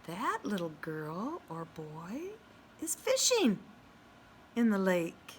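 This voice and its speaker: Female preschool teacher, online read-aloud: unhurried, very animated sing-song delivery, lots of questions to the kids. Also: medium pitch, slight background noise. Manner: slow, sing-song and exaggerated for small children; asks the children questions and praises answers. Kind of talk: virtual read-aloud lesson for young children.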